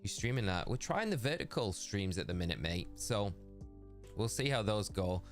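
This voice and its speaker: Deep-voiced man chatting on stream. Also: sing-song, moderate pace, faint music behind. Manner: friendly, chatty, greets viewers as "mate". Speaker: gaming streamer. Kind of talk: casual live-stream chat.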